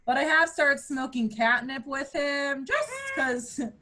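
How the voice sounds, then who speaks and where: A woman's voice: unhurried, bright, forceful tone. Bawdy woman in her thirties doing stand-up. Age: 30s. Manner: bawdy, playful, jumps into high mock voices for punchlines. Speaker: stand-up comedian. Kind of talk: virtual stand-up set.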